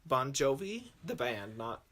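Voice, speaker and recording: Guy cohosting a pop news podcast, super animated up-and-down voice, says like a lot. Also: mid-range voice, measured pace. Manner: chatty, heavy use of "like", laughs at himself. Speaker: podcast co-host. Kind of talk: casual news chat.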